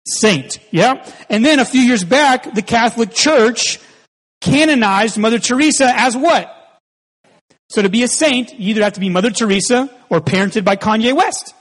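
A man in his forties, a pastor giving a conversational, humorous sermon with animated storytelling in a church sanctuary. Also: very high-pitched, moderate pace. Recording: long reverb hall.

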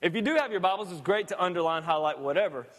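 A high-voiced man preaches a sermon in a casual, folksy way, breaking off for quick jokes. His voice rings with the long reverb of a big church hall. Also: lively intonation, fairly bright tone. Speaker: pastor. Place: church sanctuary.

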